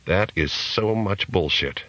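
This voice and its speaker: A man's voice: deep voice, takes it slowly, pushed and bright, no echo, full character voice, rough recording. A man voicing a bitter, sardonic young hustler in an audiobook.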